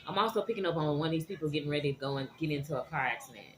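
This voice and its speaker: A woman giving a tarot reading to her viewers, animated and dramatic, often checking in with "okay?". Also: deep voice, racing, a little hiss or hum. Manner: animated, keeps asking "okay?". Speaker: tarot reader.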